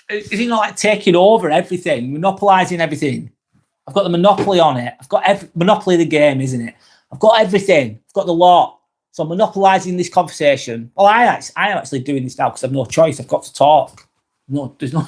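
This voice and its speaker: A man in casual live-stream chat, with a voice sitting a little higher than most men's. He talks frankly and swears freely, drifting through half-finished thoughts and restarts. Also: lively intonation, brisk, husky. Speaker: live vlog host reading chat.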